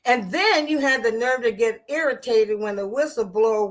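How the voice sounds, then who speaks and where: A woman's voice: a little high, moderate pace, few pauses. A woman giving casual political commentary in a sarcastic, rambling way, with many restarts and asides.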